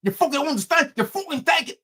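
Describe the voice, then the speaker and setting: A man's voice: very high-pitched, animated, fast, pitched above the performer's own voice, heavily acted. A man putting on a mock London accent as a foul-mouthed Englishman scolding another man. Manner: shouting, profane, scolding.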